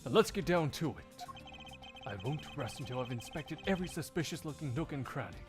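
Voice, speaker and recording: A man in a live fan dub voicing a composed, aloof male prosecutor in a measured, soft tone. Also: fairly high pitch, expressive, over music, lightly acted.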